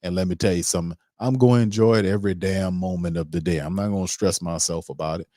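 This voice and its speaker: A man's voice: deep voice, steady tone, fast talker, dark tone, no echo, clean studio sound. A man hosting a sports podcast, ranting emphatically in casual slang with heated repetition. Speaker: podcast host.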